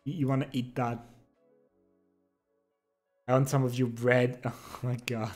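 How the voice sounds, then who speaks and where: A young man chatting casually with his stream chat, relaxed and giggly. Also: medium pitch, a little slow, faint music behind. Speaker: livestreamer. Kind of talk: casual chat reading and answering viewer chat.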